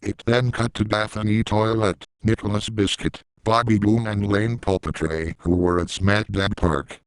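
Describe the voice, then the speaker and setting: Man, story reader, plain reading, low pitch, dry close sound. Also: steady tone, a little slow, smooth, no room sound, low-quality recording. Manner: plain reading, with side comments. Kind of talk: reading a fan story aloud.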